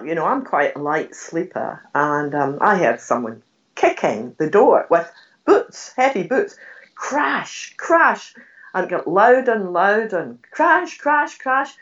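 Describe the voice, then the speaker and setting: Her deep voice carries the ghost stories she shares as an interview guest, this older woman animated, laughing frequently, and acting out things she once said. The recording is dull and a little distant.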